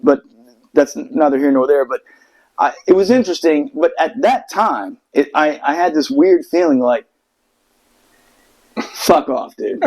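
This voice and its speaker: A man's voice: a little high, moderate pace, darkish tone, low-quality recording. A man from the United States telling a long story in casual chat, profane and rambling, with many restarts. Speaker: podcast host telling a story.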